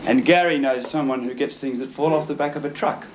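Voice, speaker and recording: A man's voice: mid-range voice, brisk, a little hiss or hum, natural voice. An actor playing a sulky young man on probation. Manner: sulky, defensive.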